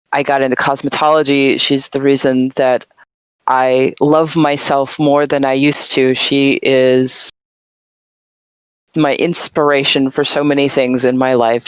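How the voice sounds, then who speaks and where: A woman in her thirties chatting in a relaxed, laid-back way as a guest on a live-stream interview. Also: extremely low pitch, clean tone, no room sound. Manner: laid-back, laughs often. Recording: dull, muffled lo-fi mic audio.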